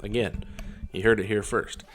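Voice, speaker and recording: A man's voice: on the low side, little pitch movement, moderate pace, soft background music. A man casually talking through his poker hands as a vlogger, in a rambling, wry and self-deprecating way. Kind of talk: casual poker hand commentary.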